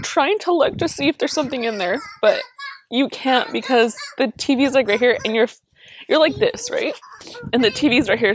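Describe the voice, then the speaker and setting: A woman's voice: a little high, a little hiss or hum. A young woman vlogger telling viewers a painful personal story in a candid, chatty way, full of fillers. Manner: candid, talks straight to viewers, many fillers. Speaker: family vlogger.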